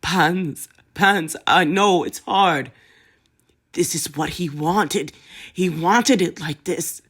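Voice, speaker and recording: A woman voicing a composed young man with a posh English accent who speaks in a level, polite, crisp way. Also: lowish voice, slow, a bit bright, exaggerated voice. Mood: soothing.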